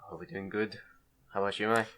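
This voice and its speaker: A man's voice: lowish voice, level tone, fast, fairly bright tone. Young man hosting a joking podcast. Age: 20s. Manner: joking, laughs often. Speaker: podcast host. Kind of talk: casual chat.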